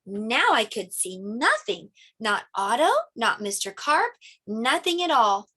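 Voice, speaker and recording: A middle-aged woman preschool teacher reading a picture book aloud to young children, animated and playing sound effects. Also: a little high, takes it slowly, breathy edge.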